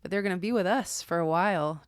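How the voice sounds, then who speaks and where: A woman's voice: lowish voice, fast, clean tone, no room sound, clean studio sound. A pregnant woman, a podcast guest, talking in a reflective, searching way in casual chat. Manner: reflective, warm-hearted, searching for words.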